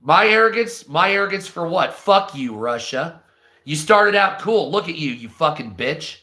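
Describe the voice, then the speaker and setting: A man's voice: on the high side, expressive, moderate pace, pushed and bright, roomy sound. A stoned man reading news aloud on a live stream, breaking off into profane, hostile, sarcastic rants.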